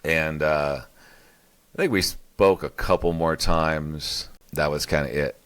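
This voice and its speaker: A man's voice: extremely low pitch, steady tone, slow pace, fairly bright tone, clear, resonant tone. A middle-aged man co-hosting a casual conversation, rambling with many restarts and fillers. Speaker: podcast co-host.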